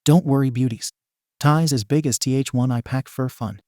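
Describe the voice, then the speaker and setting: A man voicing a brash young male hero who talks like a pirate and brags loudly, in a fan-made comedy story reading. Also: normal speed, dry recording, clean studio sound, natural voice. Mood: cocky. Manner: swaggering pirate talk with lower, quieter voice.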